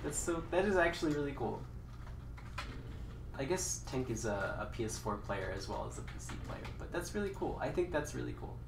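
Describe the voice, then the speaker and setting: A woman streaming a game with casual commentary, excitable and swearing, breaking into mock-angry yelling. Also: a bass voice, fairly quick, background noise. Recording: roomy with faint background music.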